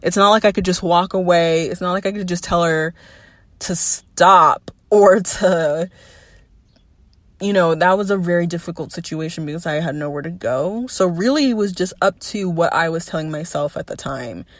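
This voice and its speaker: A young woman in her twenties talks through her own story on a personal podcast, frank and lively, cursing without filter and laughing between thoughts. Her voice sits at a middling pitch. The sound is dry and close, with no room around it. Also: brisk, few pauses, dry recording. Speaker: podcast host. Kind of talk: candid personal podcast monologue.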